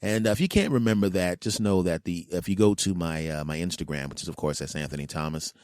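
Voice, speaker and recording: Deep-voiced joking podcast host man. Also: fairly even intonation, quick pace, a little mellow, dry recording, clean studio sound. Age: 40s. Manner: playful, rambling, jokey asides. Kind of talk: casual comedic monologue.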